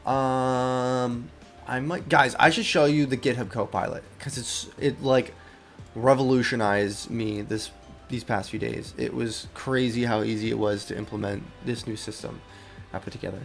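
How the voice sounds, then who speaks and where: A man who is an indie game developer, rambling casually on a live stream. He uses lots of fillers, breaks off mid-sentence and keeps talking to himself, and his voice sounds worn and low. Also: steady tone, normal speed, vocal fry, soft background music. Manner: rambling, full of fillers and self-interruptions; easily sidetracked, talks to himself. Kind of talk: casual live-stream chat while working.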